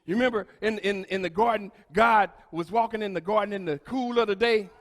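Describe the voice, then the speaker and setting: A man preaching a sermon to his congregation as pastor, swinging between shouted lines and quiet, low asides. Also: fairly quick, long reverb tail.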